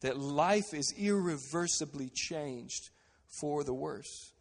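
A man preaching a sermon as a pastor, earnest and steady, dropping to a quiet voice to stress key phrases. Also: on the high side, slow pace, vocal fry, big-room sound.

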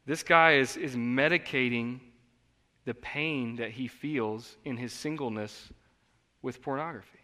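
A man preaching a sermon in an earnest, conversational way, moving between quiet reflection and emphatic outbursts, in a church. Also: mid-range voice, unhurried, long reverb tail. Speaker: pastor. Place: church sanctuary.

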